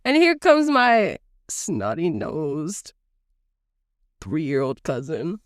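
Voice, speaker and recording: A woman's voice: low-pitched, wildly swooping pitch, very slow, no echo, clean studio sound. A woman co-hosting a casual podcast chat, laughing often while she tells stories with lots of feeling. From United States. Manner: laughs often, acts out voices in anecdotes. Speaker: podcast co-host. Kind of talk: casual chat, animated storytelling.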